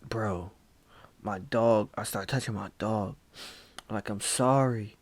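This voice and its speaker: A man telling a spooky story in a laid-back, hushed casual way, dropping "bro" often. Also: on the low side, steady tone, takes it slowly, breathy edge, no room sound. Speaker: vlogger.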